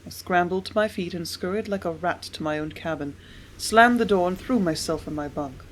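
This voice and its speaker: A woman narrating an audiobook in a measured, steady reading voice. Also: fairly low pitch, slight background noise. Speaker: audiobook reader.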